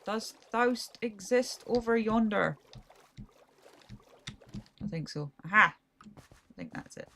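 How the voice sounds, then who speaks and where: Gravelly, chatty Scottish woman streamer. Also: medium pitch, slow, pauses often, pushed and bright. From Scotland. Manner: chatty, rambling, self-deprecating. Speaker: gaming streamer. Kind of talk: casual gameplay commentary.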